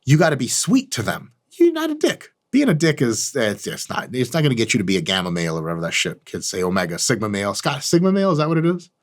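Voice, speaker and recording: A man's voice: quick pace, hardly any pauses. A man delivering a comedic advice monologue as host, mock-arrogant, boastful and profane. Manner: lively, animated delivery with big pitch jumps. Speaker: channel host.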